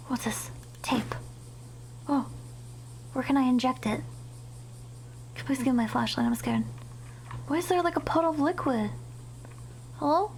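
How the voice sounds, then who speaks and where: A woman streaming a horror game live, excitable and cursing a lot, shrieking whenever something startles her. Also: sits high, normal speed, pauses often, poor audio. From United States. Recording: loud game noise behind the voice.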